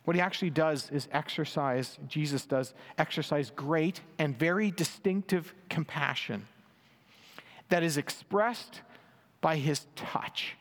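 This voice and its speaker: Unhurried and slightly high, with a fairly bright tone, a man preaches earnestly and emphatically, reading and explaining scripture and lifting his voice for quotations. The hall adds a long reverb.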